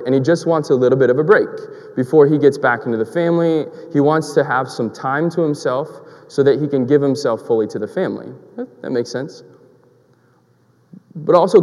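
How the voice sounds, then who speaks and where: A man's voice: medium pitch, a little mellow. Conversational preacher man in a ringing hall. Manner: conversational storytelling, with rhetorical questions. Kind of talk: sermon.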